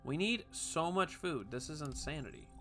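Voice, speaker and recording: A man talks his way through a strategy game in a loose, chatty commentary, tossing off jokey asides to himself. His voice is bright and forceful, and faint game music runs under it. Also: a little high, very animated, moderate pace, gravelly. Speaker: gaming video host. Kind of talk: casual gameplay commentary.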